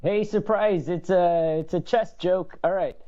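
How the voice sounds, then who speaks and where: A man's voice: high-pitched, unhurried, dark tone, highs cut off. A male comedian reading monologue jokes, stumbling over words and chuckling into his punchlines. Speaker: comedian guest.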